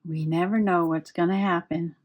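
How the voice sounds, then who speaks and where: A woman's voice: on the low side, fairly even intonation, moderate pace, a little mellow. A woman chatting and giggling as she works on a craft project. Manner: chatty, giggly, talks while working. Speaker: crafting vlogger. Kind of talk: casual crafting chat.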